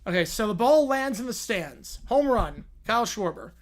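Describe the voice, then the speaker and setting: A man's voice: sits high, big pitch swings, moderate pace, few pauses. Casual male streamer host. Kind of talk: casual stream reading a story aloud.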